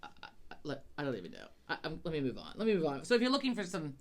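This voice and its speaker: A woman's voice: low-pitched, huge pitch swings, racing. A woman co-hosting a podcast in casual chat, rambling and swearing often, stammering on her words. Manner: profane, rambling, frequent stammers. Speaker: podcast co-host.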